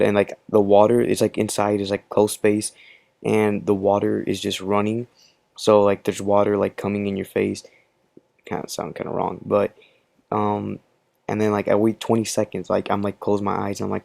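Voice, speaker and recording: A man with a low, gravelly voice tells a story in loose, rambling commentary, full of fillers. His delivery stays fairly flat, and the sound is dry and close. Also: moderate pace, no room sound. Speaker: channel host.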